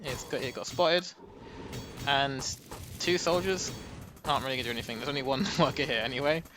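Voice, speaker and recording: A man's voice: mid-range voice, fairly quick, over music. A man giving casual, chatty live commentary on a strategy game match. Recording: steady background noise.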